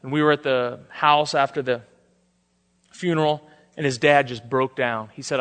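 A man preaching a sermon, shifting between soft, intimate lines and emphatic declarations. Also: mid-range voice, steady tone, moderate pace. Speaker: pastor. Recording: long hall reverb.

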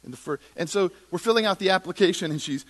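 A middle-aged man telling a lively personal faith story at a church, acting out the people he quotes. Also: fast talker. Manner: animated storyteller, quotes others in lowered voice. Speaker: speaker at a church. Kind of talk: storytelling sermon talk.

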